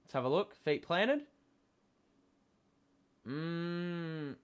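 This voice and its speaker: A man hosting a live basketball watchalong, talking casually with many fillers and sudden excited outbursts. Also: on the high side, very slow, clean tone. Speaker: host.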